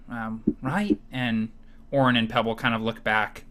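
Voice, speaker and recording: A man playing a tabletop game, gently describing his character's actions with hesitations. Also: mid-range voice, lively intonation, unhurried. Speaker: player. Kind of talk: casual game narration.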